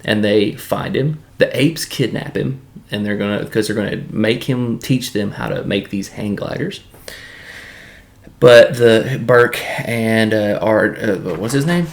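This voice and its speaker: A man's voice: fairly low pitch, creaky. A man from Tennessee with a Southern accent, giving a rambling, casual video review with lots of fillers and restarts.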